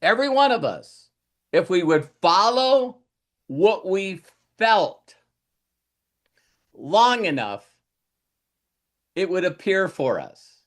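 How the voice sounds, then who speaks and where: A man's voice: high voice, very animated, takes it slowly, long pauses. A man coaching with a motivational talk, retelling stories in a rambling way and acting out the lines of the people in them. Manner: rambling storyteller who acts out quoted lines.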